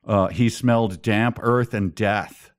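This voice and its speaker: A man co-hosting a podcast, chatting casually about a book with a wry, sarcastic manner and halting restarts. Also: fairly low pitch, steady tone. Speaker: podcast co-host.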